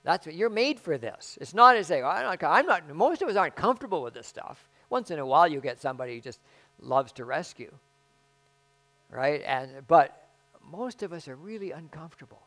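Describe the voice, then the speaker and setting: A man preaching a conversational sermon as pastor, halting and self-deprecating, with frequent restarts. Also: a little high, big pitch swings, bright, forceful tone, faint music behind.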